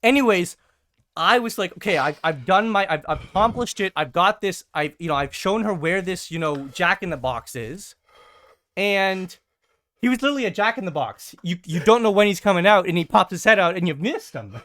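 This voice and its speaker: A podcast host telling a story in a casual, animated way, cursing freely and acting out the people involved, with frequent stammered restarts. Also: medium pitch, normal speed, dry recording, studio quality.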